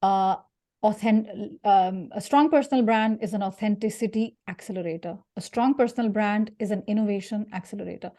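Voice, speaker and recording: A woman from India leading an interactive career workshop, lively and jokey, putting questions to her audience. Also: medium pitch, fairly quick. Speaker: career speaker.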